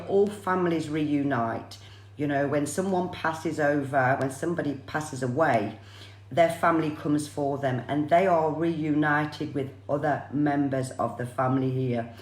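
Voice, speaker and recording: A woman's voice: sits low, roomy sound. A woman working as a psychic medium, giving a chatty live-streamed reading and often repeating viewers' names.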